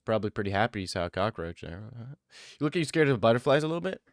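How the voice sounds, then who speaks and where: A man's voice: fairly low pitch, sing-song, racing, no echo, clean studio sound. A young man chatting casually on a livestream, rambling and joking with slang. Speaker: streamer.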